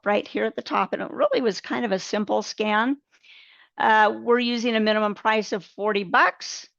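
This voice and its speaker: A woman's voice: mid-range voice, a bit bright, no echo. Woman, trading coach, conversational, walks through charts, dull dry webcast audio. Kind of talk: live webcast teaching.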